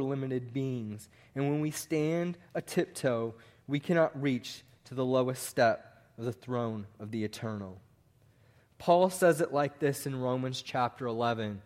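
A man preaching a sermon to a congregation, slow and deliberate, with his voice dropping at the ends of phrases. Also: a little high. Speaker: pastor.

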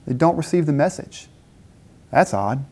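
A man's voice: on the high side, expressive, normal speed, a little mellow. A man preaching a conversational sermon at a campus dinner gathering, asking rhetorical questions and briefly acting out biblical speakers.

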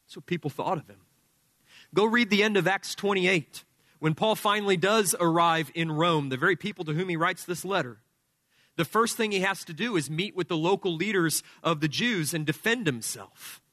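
This is a man delivering an expository sermon, walking through his points in careful order. His voice sits high and ringing, and the dry sound keeps him close to the ear. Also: normal speed, pushed and bright, no room sound. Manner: emphatic, methodical teaching with numbered points. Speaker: preacher.

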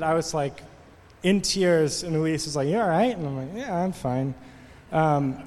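A man's voice: fairly high pitch, in a large hall. A man preaching a sermon, telling a story in a casual way and then building to impassioned, rising preaching. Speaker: pastor. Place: church hall.

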